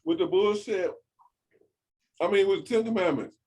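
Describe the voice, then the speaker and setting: A man hosting a casual chat show, talking in an animated way, laughing often and swearing freely. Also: high voice, normal speed. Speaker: podcast host.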